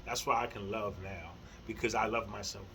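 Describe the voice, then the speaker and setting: A middle-aged man in a casual spiritual monologue to camera, rambling and repeating words, with heavy slang and swearing, earnest, with soft laughs between thoughts. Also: lowish voice, steady tone, moderate pace, vocal fry, slight background noise, poor audio. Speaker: spiritual vlogger.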